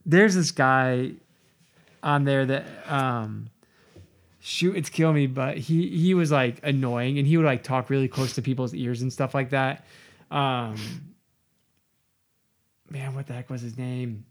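A man's voice: medium pitch, unhurried, long pauses. A man co-hosting a casual Bible study podcast who rambles, hunts for words and acts out bits of the story. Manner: rambling and animated, full of fillers, acts out voices. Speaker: podcast co-host.

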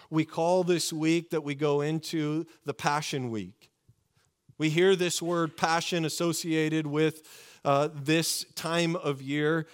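A man preaching a sermon to his congregation, earnest and fervent, slowing down to stress key words. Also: a little high. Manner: earnest, fervent preaching with slow emphatic pauses. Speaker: pastor.

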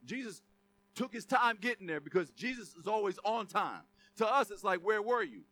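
A man's voice: high-pitched, big pitch swings, normal speed, bright, forceful tone, dry recording. A middle-aged man preaching a sermon in a conversational, joking way, full of asides and laughter. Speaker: pastor.

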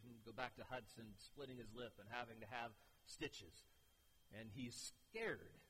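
A man's voice: fairly high pitch, pushed and bright, slight background noise. Earnest preaching man in a hall. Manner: earnest preaching, rising to emphatic pleas. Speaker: pastor. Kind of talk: sermon. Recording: hall reverb, faint ambience.

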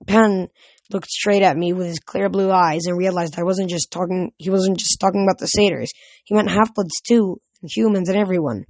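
A woman's voice: fairly low pitch, normal speed, dry recording. Woman narrating a storybook, dry sound. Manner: steady, plain storytelling. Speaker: reader. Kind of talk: audiobook narration.

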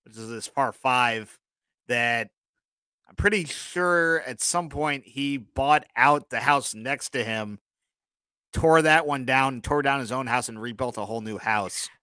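A man's voice: mid-range voice, measured pace, bright, forceful tone, smooth, no room sound. A man co-hosting a podcast, telling rambling stories in casual chat and often apologizing for his own jokes. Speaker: podcast co-host.

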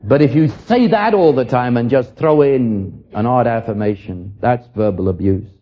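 A man's voice: medium pitch, normal speed, lo-fi sound. An older man from England preaching a sermon, earnest and reflective, often repeating a word as he starts a line.

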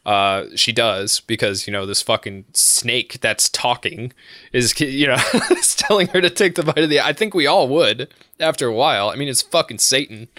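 A man's voice: medium pitch, normal speed, pushed and bright, no echo, clean studio sound. A man chatting casually on a podcast, telling stories in a rambling, profane way with lots of fillers. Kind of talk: casual chat.

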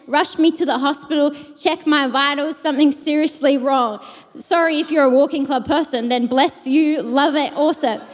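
High-voiced woman preaching in a reverberant hall. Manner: lively, jokey storytelling with repeated emphatic phrases. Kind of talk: sermon.

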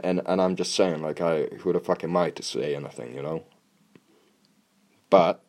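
A man's voice: extremely low pitch, darkish tone. A young man talking casually in a blunt, tough-love way, swearing constantly and restarting his words often. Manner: blunt, heavy swearing, repeats words when starting. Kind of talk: casual monologue.

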